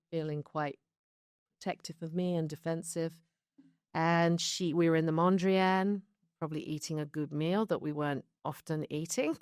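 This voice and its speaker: A woman's voice: low-pitched, clear, resonant tone, no room sound, clean studio sound. A British woman from London, recounting her life story in a candid interview, chatty and reflective with laughs between stories. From London, England. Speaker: show creator being interviewed.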